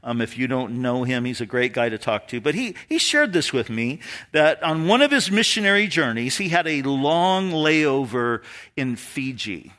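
A man's voice: medium pitch, moderate pace. A man pastor preaching a sermon and telling stories with laughter. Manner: storytelling, animated, laughs at his own stories.

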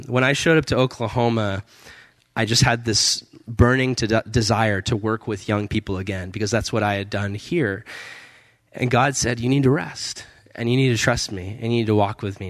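A man's voice: mid-range voice, no room sound. A young man, a missionary, giving an earnest personal testimony at a church service, casual with many fillers and restarts and frequent laughs. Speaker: missionary speaker.

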